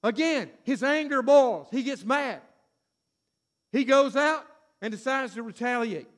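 High-voiced man preaching a story. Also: unhurried. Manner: animated, acts out voices with sudden shouts. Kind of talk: sermon storytelling.

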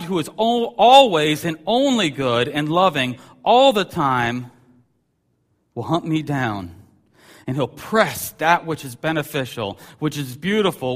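Animated pastor in a reverberant hall. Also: male voice, fairly high pitch. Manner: animated storytelling, voice rising sharply for emphasis. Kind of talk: sermon.

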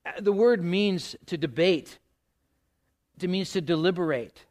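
A middle-aged male pastor preaching a sermon, animated, asking the congregation questions and acting out exasperated outbursts. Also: sits high, a little slow. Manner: animated, acts out exasperated voices with loud outbursts.

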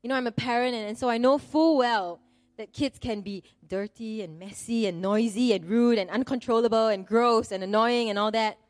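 A middle-aged woman delivers a sermon in a fairly high voice. She talks in an earnest, conversational way and makes fun of herself. The sound is close and dry, with no room echo. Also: moderate pace. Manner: earnest, conversational, with self-deprecating humor. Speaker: preacher.

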